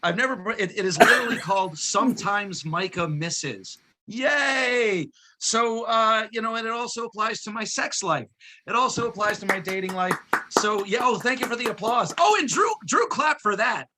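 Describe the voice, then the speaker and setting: A high, bright male voice comes through a video call, full of excitable patter. He rambles through self-deprecating jokes while performing a card trick for the host. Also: moderate pace, slight background noise. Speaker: guest magician. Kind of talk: joking comedic patter over video call.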